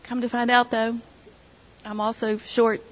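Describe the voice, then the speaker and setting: A woman's voice: a little high, flat delivery, measured pace, rough recording. A middle-aged woman sharing an emotional personal testimony with her church group, retelling conversations as she goes. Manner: emotional storytelling, quoting others.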